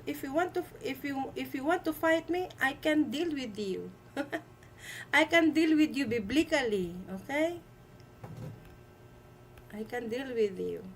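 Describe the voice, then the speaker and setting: Woman host, high voice, slow emphatic delivery, light noise behind. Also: a bit bright, low-quality recording. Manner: emphatic, repeats herself, halting with fillers. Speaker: livestream host. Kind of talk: live-stream commentary.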